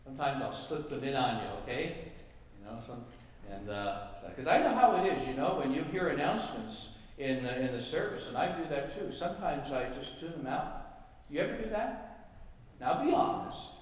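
A man's voice: mid-range voice, animated, normal speed. A man speaking as a pastor, making folksy conversational announcements in a church service with frequent fillers. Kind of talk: sermon with announcements. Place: church sanctuary. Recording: echoey hall, mic far off.

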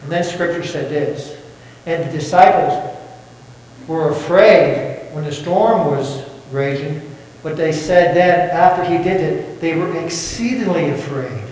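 A man's voice: a little high, unhurried, a little mellow. A man preaching a sermon as pastor, folksy and quizzing the congregation with questions. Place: church sanctuary. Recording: echoey church hall from far off.

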